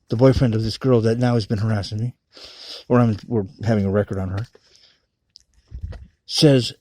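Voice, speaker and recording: A man's voice: medium pitch, a little mellow, no room sound. A man telling a rambling personal story in a casual, profane, emphatic way.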